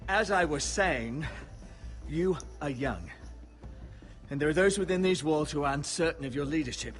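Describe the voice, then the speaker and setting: A man's voice: fairly high pitch, faint music behind, close to an everyday voice. A man playing a solemn old-world advisor. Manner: measured, solemn. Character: grave male advisor counseling a young lord.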